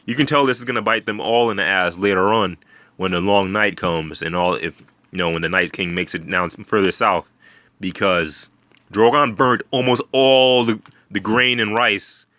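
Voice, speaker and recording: A man with a deep voice and a forceful, bright edge talks through a TV episode. He rambles, restarts sentences and swears casually. The recording is dry, with no room sound. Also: moderate pace, no room sound. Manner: rambling, many fillers and restarts, swears freely. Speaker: video host.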